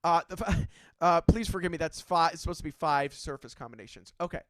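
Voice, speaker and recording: A man's voice: fairly high pitch, brisk, dry recording. A man teaching a drum clinic in a casual, chatty way, checking in often with his students. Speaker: drum instructor.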